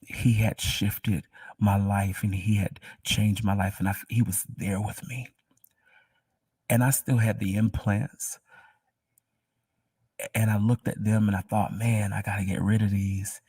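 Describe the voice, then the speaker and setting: A man telling his personal faith testimony in an emotional, halting way, often dropping to a near whisper. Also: fairly low pitch, little pitch movement, darkish tone, husky, no room sound, recorded from a distance.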